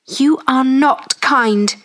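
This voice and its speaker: A woman voicing a poor, brave young girl in a storybook, speaking quietly and earnestly. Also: sits high, slow pace.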